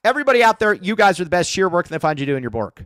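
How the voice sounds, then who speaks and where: Male podcast host, animated pitch, dry close sound, rambling jokey chatter. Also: very fast, no room sound. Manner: rambling, joking, many fillers. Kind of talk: casual sports podcast chat.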